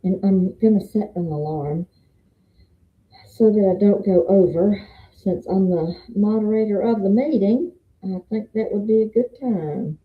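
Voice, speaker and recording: Speaking at a relaxed pace with a medium-pitched voice, an older woman with a Southern accent shares a wandering testimony about her faith, citing scripture along the way. She's a faith vlogger and meeting moderator, heard on a roomy, dull, lo-fi recording.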